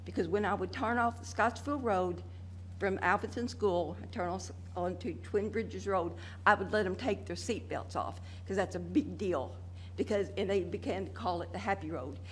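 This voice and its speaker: A woman's voice: mid-range voice, slight background noise. Angry older woman at a hearing. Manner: angry, emotional, drawn-out pleading. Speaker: resident speaking at public hearing. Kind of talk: public comment at a meeting. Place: council meeting room.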